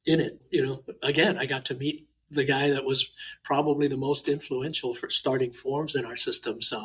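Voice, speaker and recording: A man from Hawaii, a martial arts teacher, chatting in an interview and telling lively anecdotes with frequent uh fillers. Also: mid-range voice, moderate pace, slight background noise, rough recording. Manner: animated, talkative anecdotes with many uh fillers. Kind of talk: casual interview storytelling.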